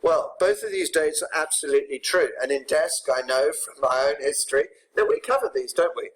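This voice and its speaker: Brief: man, teacher's voice, fairly high, brisk and explanatory, checking in with students. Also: lively intonation, rough recording. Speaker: English teacher. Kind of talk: recorded poetry lesson.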